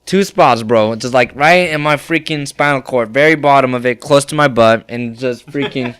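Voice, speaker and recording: A man's voice: medium pitch, normal speed, fairly bright tone, clear, resonant tone. A young man co-hosting a casual podcast, telling stories in a laid-back, slangy way. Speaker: podcast co-host. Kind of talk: casual storytelling chat.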